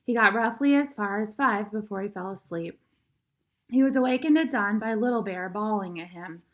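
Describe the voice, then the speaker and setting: A woman reading a children's novel aloud as storyteller, expressive, greeting her listeners and correcting small slips as she goes. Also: medium pitch, moderate pace.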